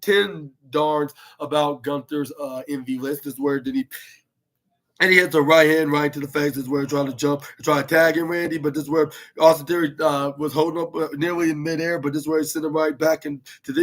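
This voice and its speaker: A man's voice: on the high side, vocal fry. A man hosting a podcast, recapping a match move by move in a rambling way, with many fillers and restarts. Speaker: podcast host.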